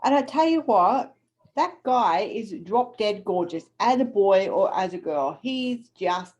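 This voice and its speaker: A middle-aged woman with an Australian accent co-hosts a casual podcast, talking bluntly and swearing often. Her pitch sits in the middle range. The sound is dull and lo-fi. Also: lively intonation, a little slow, a little mellow. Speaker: podcast co-host. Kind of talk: casual chat.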